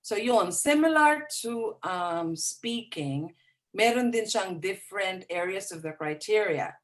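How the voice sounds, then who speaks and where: A woman with a Filipino accent, an IELTS specialist, giving animated explanations in an interview over a video call. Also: mid-range voice, unhurried. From Philippines. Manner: code-switches freely, animated when explaining.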